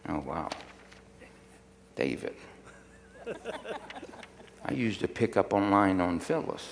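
A man's voice: deep voice, very animated, takes it slowly, creaky, noisy background. An older man preaching a sermon, folksy and humorous, telling personal stories and calling for responses from the congregation. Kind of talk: sermon with storytelling. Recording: long hall reverb.

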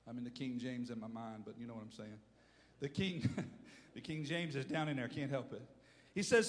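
A man preaching a sermon as pastor, swinging from low asides to shouted calls and urging the congregation to answer. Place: church hall. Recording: reverberant hall.

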